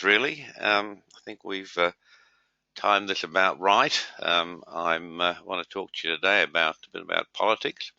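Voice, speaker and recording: A deep-voiced Australian man with a gravelly edge hosts a trading webinar, chatting casually and padding his speech with filler words. His tone is sharp and forceful. The sound is dull, lo-fi and dry. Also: no room sound. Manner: rambling, many filler words. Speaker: webinar host, trader.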